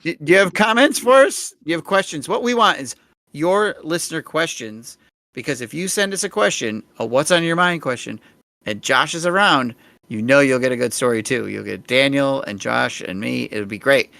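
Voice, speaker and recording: A man's voice: mid-range voice, lively intonation, normal speed, creaky, bright, forceful tone, no echo. A man hosting a podcast, reading listener requests and plugs in an upbeat, casual way. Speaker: podcast host.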